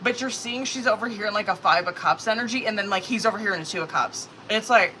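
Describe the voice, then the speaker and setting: A woman reads tarot live on her stream, talking loose and profane with constant fillers. Her voice is bright and forceful. A faint room hiss sits under it. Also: medium pitch, fast talker, rough recording. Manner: casual, profane, filler-heavy, anxious reactions. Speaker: tarot reader.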